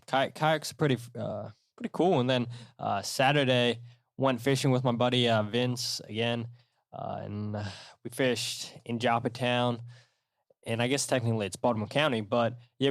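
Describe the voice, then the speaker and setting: Man, podcast host, casual rambling chat, mid pitch, dry close sound. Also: no room sound. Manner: rambling, animated storytelling with many fillers and restarts.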